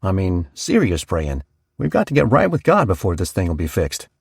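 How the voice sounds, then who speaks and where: A man's voice: low voice, wildly swooping pitch, moderate pace, creaky, slightly rough, no room sound, clean studio sound, heavily acted. A man voicing a gloomy, preachy male church deacon. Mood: solemn. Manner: solemn, preachy.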